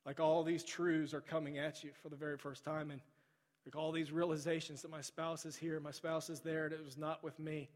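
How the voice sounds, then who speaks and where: A middle-aged male pastor preaching a sermon. He tells a story, then pleads softly with repeated phrases. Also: a little high, little pitch movement, fairly quick. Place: large church sanctuary. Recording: long hall reverb.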